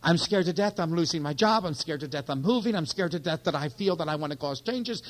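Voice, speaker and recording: Man preaching, loud then hushed. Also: fairly high pitch, lively intonation, fast, few pauses, poor audio. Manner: wide swings from loud urging to hushed near-whispers; storytelling with quoted dialogue. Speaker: minister. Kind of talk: sermon.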